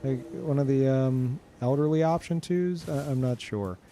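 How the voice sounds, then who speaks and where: A man streaming a game live, chatting casually to his viewers, excitable, swearing freely and laughing often. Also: mid-range voice, normal speed, a little hiss or hum. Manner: talks to chat. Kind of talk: casual live gameplay commentary.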